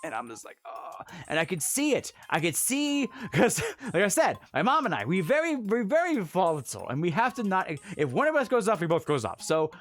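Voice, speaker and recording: Lively man telling a story on stream. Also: high voice, a little fast, hardly any pauses. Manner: animated, laughs often, breaks off to answer chat. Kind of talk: casual livestream storytelling.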